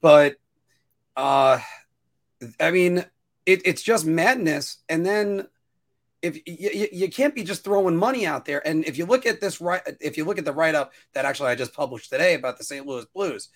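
A man co-hosting a casual talk show who rambles, stumbles over restarts and sometimes jumps into a whiny high voice. His usual speaking voice sits a little higher than most men's. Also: moderate pace. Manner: rambling, self-interrupting, animated with sudden high-pitched whining bursts. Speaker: podcast co-host. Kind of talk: casual chat.

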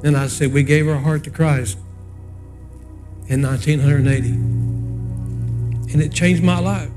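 Folksy high-voiced pastor man. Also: fairly even intonation, measured pace, a little mellow, soft background music. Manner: folksy, conversational storytelling. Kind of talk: sermon with storytelling and prayer.

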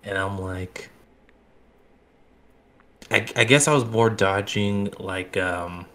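A man's voice: fairly low pitch, slow pace, fairly bright tone. A young man co-hosting a casual chat podcast, speaking hesitantly with many fillers and restarts. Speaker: podcast co-host.

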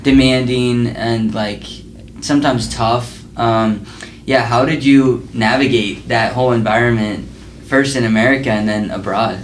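A man hosts a podcast in a relaxed, easygoing way, letting his questions wander before he lands them. His voice sits mid-range and bounces around a noticeably echoey room, with a faint hum of ambient noise behind it. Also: mid-range voice, a little slow, far from the mic. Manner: easygoing, asks rambling questions. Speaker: podcast host. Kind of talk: casual interview chat.

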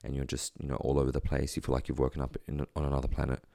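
A man telling a personal story in a quiet, halting, reflective way, with many pauses and fillers. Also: extremely low pitch, completely flat delivery, gravelly, dry recording, clean studio sound.

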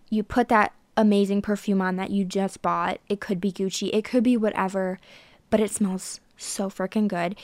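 In her podcast monologue, a woman in her twenties talks casually and sarcastically right to the people listening. Her mid-range voice is a little mellow, and the recording is dry.

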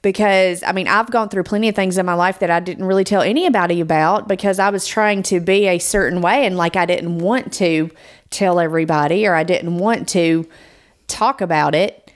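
A woman's voice: on the low side, moderate pace. A woman co-hosting a podcast in casual chat, reflective and searching for the right words as she explains her point. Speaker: podcast co-host.

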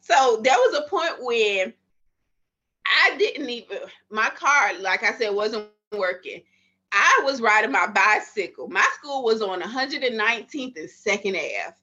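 This midwife in her thirties, a podcast guest from the Miami area, has a fairly high, bright, forceful voice that's animated and unhurried. In a casual interview she narrates her story, acting out past thoughts and conversations. The audio is lo-fi and slightly dull.

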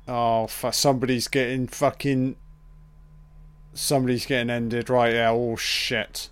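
A man's voice: mid-range voice, level tone, unhurried, clean tone, no echo. Profane, easily surprised male film commentator. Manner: swears a lot, exclaims in surprise. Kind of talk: casual reaction commentary.

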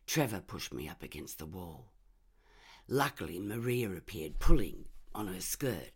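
A woman reading a first-person short story aloud in a measured, expressive way. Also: extremely low pitch, husky.

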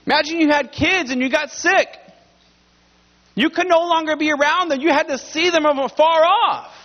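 A pastor preaching a sermon in church, speaking conversationally and earnestly to the congregation. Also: male voice, very high voice, moderate pace, dull audio.

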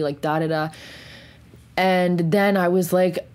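A young woman candidly telling a personal story, rambling and profane, full of "like" fillers, slowing down and going quiet on the intense parts. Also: low-pitched, steady tone. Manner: slows and drops to near whisper on intense moments. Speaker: podcast host.

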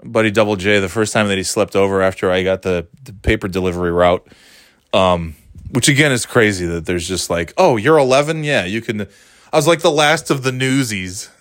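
A man's voice: low voice, moderate pace, fairly bright tone, no room sound, studio quality. A man telling a casual, rambling story about his past, often interrupting himself and laughing.

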